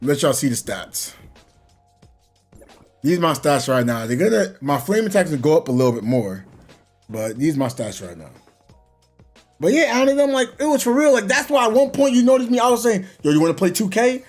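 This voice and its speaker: Animated young man telling gaming stories. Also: fairly high pitch, normal speed, pauses often, soft background music. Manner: animated storytelling, laughs often, slangy. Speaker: gaming streamer. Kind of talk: casual chat.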